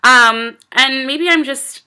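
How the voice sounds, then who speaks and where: High, bright-voiced American woman vlogging. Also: slow pace, clean tone. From United States. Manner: rambling, earnest, lots of fillers. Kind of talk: casual chat to camera.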